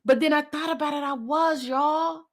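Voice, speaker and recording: A woman's voice: sits high, steady tone, moderate pace. A woman host and coach giving a passionate motivational talk, driving points home by repeating phrases.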